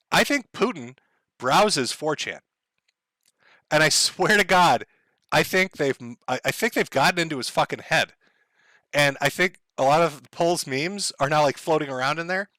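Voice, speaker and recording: A man's voice: on the high side, animated, moderate pace, bright, forceful tone, dry recording. A man ranting casually to his live chat, rambling and profane, laughing as he goes. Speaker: streamer.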